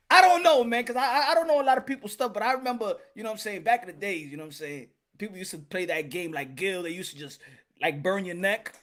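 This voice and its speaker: A man hosting a boxing talk stream in loose, laughing commentary, swearing freely and calling out viewers by name. His voice is very high and bright, and it swings up and down with a lot of energy. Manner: animated, laughing, profane, greets viewers. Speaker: boxing show host. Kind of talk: casual livestream commentary.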